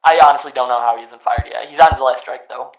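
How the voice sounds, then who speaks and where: A man's voice: medium pitch, quick pace, vocal fry, rough recording. Profane, rambling young male podcast host. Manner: crude, rambling, profane storytelling. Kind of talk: casual gaming podcast chat.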